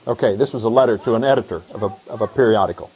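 A middle-aged man, a pastor, preaching a conversational sermon that swings between hushed asides and excited emphasis. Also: on the low side, racing, rough recording.

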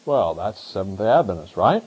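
Husky animated male pastor preaching. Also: moderate pace, rough recording. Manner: animated, rising to emphatic high questions. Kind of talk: sermon.

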